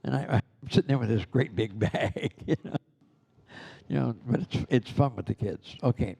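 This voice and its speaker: Gravelly older male instructor, rambling classroom talk, mixes in playful character voices. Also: medium pitch, normal speed, dark tone. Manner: rambling, acts out kids' voices in anecdotes. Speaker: Santa school instructor. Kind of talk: casual classroom teaching.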